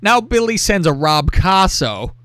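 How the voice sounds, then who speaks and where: A man hosting a casual show, telling a crude story in a lively, profane way and reading out text messages. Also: sits high, unhurried, dry recording. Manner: animated, profane, reads out texts with laughter. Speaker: podcast host.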